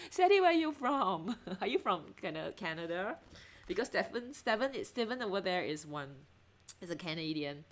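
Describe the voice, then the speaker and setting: A woman's voice: lowish voice, sing-song, measured pace. A woman from Singapore, probably in her thirties, chatting casually with livestream viewers as she paints, laughing often and trailing off into fillers. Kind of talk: casual chat while painting, reading viewer comments.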